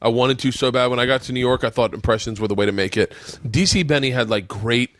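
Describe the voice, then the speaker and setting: A man's voice: mid-range voice, quick pace, a bit bright. A man hosting a podcast in casual chat, with loose, profane, jokey banter. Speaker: podcast host.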